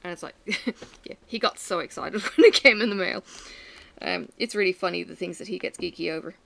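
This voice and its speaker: A woman chatting to her camera, animated and self-mocking as she tells stories at home. Her voice has a bright, forward tone with a gravelly fry at the ends of phrases. She jumps between asides and punchlines. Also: lowish voice, a little fast. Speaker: vlogger. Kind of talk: casual chat to camera.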